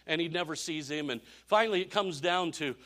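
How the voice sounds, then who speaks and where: A male pastor preaching, telling a story with animated energy and repeated phrases. His voice sits fairly high, with a bright, forceful edge. He swings between loud bursts and soft, low passages. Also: a little fast. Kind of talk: sermon with storytelling.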